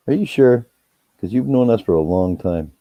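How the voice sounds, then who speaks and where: A man's voice: lowish voice, normal speed, no room sound. A man casually telling rambling, profane family stories on a live stream. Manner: profane, rambling, animated when retelling quarrels. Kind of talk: casual storytelling chat. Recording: dull, muffled audio.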